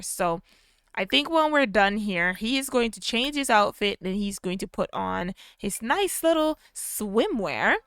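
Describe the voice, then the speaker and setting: A woman's voice: medium pitch, animated, measured pace, a bit bright, clear, resonant tone, dry recording, studio quality. A woman casually narrating her gameplay, chatty and easily delighted as she describes what her characters are doing. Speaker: gameplay video creator.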